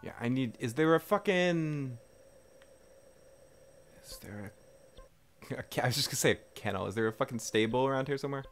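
A man's voice: medium pitch, brisk, pauses often, slight background noise. A young man casually commenting on his gameplay, laid-back and profane, rambling as he plays. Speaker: gaming channel host. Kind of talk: casual let's play commentary.

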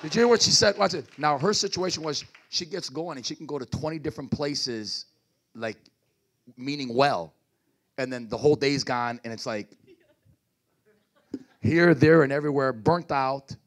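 A man's voice: medium pitch, moderate pace, pauses often. A man preaching a sermon at a church service as pastor, calling out to the congregation and urging them to respond.

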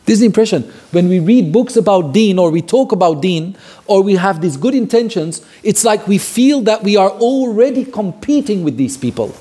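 A man's voice: high voice, lively intonation, normal speed, warm tone, husky. A man teaching a weekly Quran commentary class, retelling stories earnestly, repeating key phrases and mixing in Arabic phrases. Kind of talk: storytelling Quran commentary lesson.

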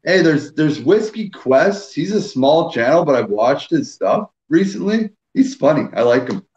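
A man's voice: fairly high pitch, very animated, measured pace, a little mellow, dull audio. A man from Quebec hosting a casual live whisky stream, teasing his guest and calling out viewers in the chat. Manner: teasing, jokey, reads out viewer names.

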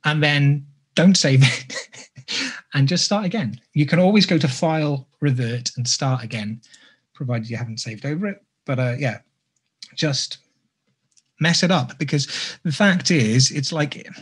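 A man's voice: a little high, a little slow, breathy edge. A man giving a live sculpting tutorial, chatty and self-deprecating, drifting into jokey asides. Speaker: sculpting instructor.

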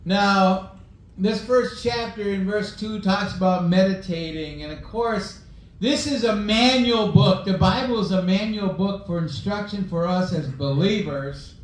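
A man's voice: sits high, measured pace, heavy reverb, rough recording. A male pastor preaching a sermon, mixing scripture reading with folksy personal stories.

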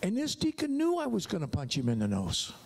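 An older man preaching a sermon testimony in an animated storytelling way, with his voice swinging high and low. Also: brisk, vocal fry.

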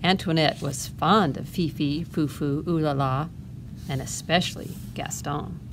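A woman librarian reading a picture book aloud to children, pausing for gentle explaining asides. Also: low voice, fairly even intonation, background noise. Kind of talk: storytime read-aloud.

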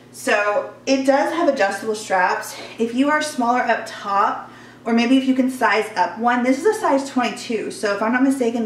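A young woman chats through a try-on haul, gushing and full of casual fillers. She sounds slightly out of breath. Her voice comes from a few steps back in a roomy, echoing bedroom with a faint hum behind. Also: mid-range voice. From Georgia, US Southern. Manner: chatty, gushing, many "like" fillers. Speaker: fashion vlogger. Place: warm bedroom at home. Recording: echoey room, voice a bit far off.

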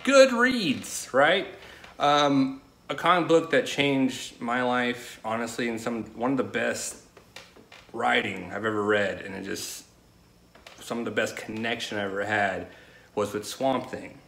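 A man's voice: medium pitch, fairly even intonation, measured pace, creaky, fairly bright tone. A man as guest in a casual chat, talking in a loose, rambling way. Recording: echoey room with faint noise.

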